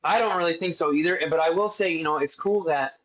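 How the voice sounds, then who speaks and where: A young man co-hosting a podcast, telling stories in a casual, animated way and swearing freely. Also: a little high, fast talker, a little hiss or hum. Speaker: podcast co-host. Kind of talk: casual chat. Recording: dull lo-fi sound.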